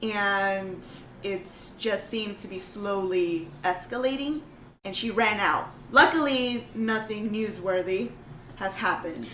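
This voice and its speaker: Unhurried woman player, mid-pitched, earnest, roomy room. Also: sharp tone, recorded from a distance, slight background noise. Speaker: player character, pack leader. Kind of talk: tabletop role-play chat.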